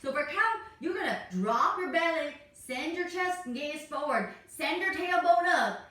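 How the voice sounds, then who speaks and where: A woman's voice: sits high, expressive, unhurried, sharp tone. A woman leading a joking yoga class in a goofy, laid-back way. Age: 40s. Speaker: yoga instructor. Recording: echoey room, mic far off.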